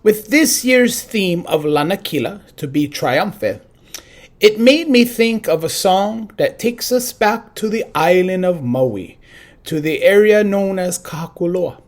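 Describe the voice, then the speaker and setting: Slow, lively male storyteller. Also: high voice. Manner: unhurried, animated, conversational. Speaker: storyteller and teacher. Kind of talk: musical folk storytelling with ukulele. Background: soft ukulele.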